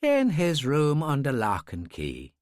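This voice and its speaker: A man voicing a big, calm, matter-of-fact man. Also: medium pitch, takes it slowly, no room sound, studio quality.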